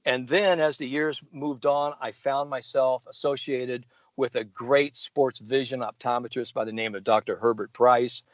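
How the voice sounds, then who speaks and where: A man's voice: medium pitch, no room sound. A man in his seventies, a golf sports psychologist, telling a story on a podcast and acting out the people he quotes. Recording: dry, slightly dull podcast audio.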